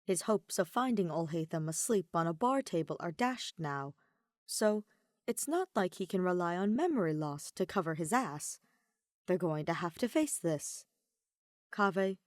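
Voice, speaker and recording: Low-voiced woman narrating a story. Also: darkish tone, no room sound, clean studio sound. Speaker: podfic reader. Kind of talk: audiobook narration of fan fiction.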